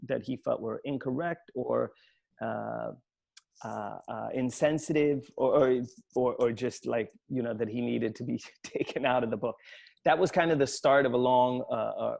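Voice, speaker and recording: A man with a gravelly, fry-edged voice at an ordinary middle pitch, recounting a family episode. He is an author from Sweden, speaking reflectively and haltingly, circling back and restarting his sentences as he goes. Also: darkish tone. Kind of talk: anecdotal storytelling at an online book talk.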